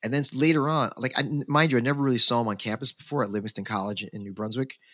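A man, a podcast co-host, telling a long story in casual chat, rambling and animated with many fillers and restarts. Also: mid-range voice, racing, dry recording.

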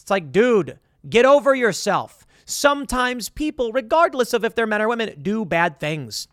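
A man with a notably high voice delivers an opinionated commentary monologue. He is blunt and sarcastic and argues his points with rhetorical questions. The recording is close and dry. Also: expressive, normal speed, fairly bright tone, dry recording. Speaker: political commentator.

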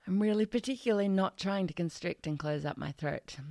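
A woman's voice: mid-range voice, fairly quick, vocal fry, mellow, no echo, clean studio sound. A woman giving a vocal lesson at home, chatty and playful, singing scale steps and demonstrating twangy voices. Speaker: singing teacher. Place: home studio with birds and geckos outside.

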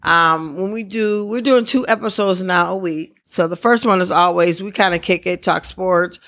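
A podcast host from the Midwest, chatting casually in an excitable, rambling, celebratory way. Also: medium pitch, normal speed.

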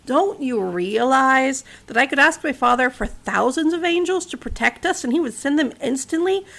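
Woman playing Jesus, calm man, solemn storybook voice, gravelly, a bit high. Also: moderate pace, exaggerated voice.

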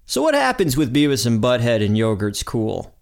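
A man hosting a podcast and narrating an episode recap in an energetic, upbeat way. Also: medium pitch, moderate pace, gravelly. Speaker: podcast host.

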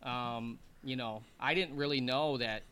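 A former hockey player, appearing as a guest in a casual chat, tells rambling, laughing, animated anecdotes, putting on voices for quotes. His voice is medium-pitched, clear and resonant, at a measured pace.

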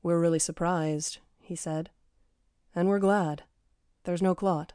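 Dry-voiced woman reading memoir, low and mellow. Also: takes it slowly, smooth, no echo. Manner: dry, understated delivery with deadpan asides. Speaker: author reading her memoir. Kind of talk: first-person memoir reading.

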